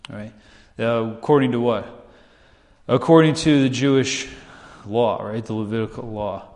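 A pastor with a medium-pitched, darkish voice preaches at a moderate pace in a conversational style. He keeps asking "right?" and acts out the voices of people in his stories, all under long hall reverb.

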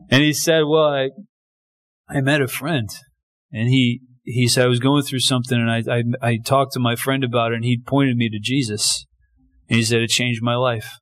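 A man's voice: mid-range voice, fairly even intonation, moderate pace. A man preaching a sermon in a conversational way, often restarting lines and acting out short quotes. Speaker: pastor.

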